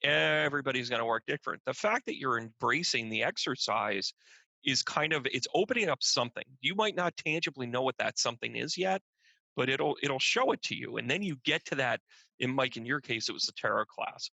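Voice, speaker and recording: Brief: emphatic male host, sharp bright tone, dry close sound. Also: mid-range voice, animated, a little fast, creaky, no echo, rough recording. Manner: emphatic, repeats words when starting. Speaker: host, medium. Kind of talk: casual podcast chat.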